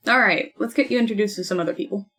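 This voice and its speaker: A woman's voice: medium pitch, racing, a bit bright, soft background music, natural voice. A woman voicing a cheerful young female adventurer in a tabletop role-play, friendly and teasing.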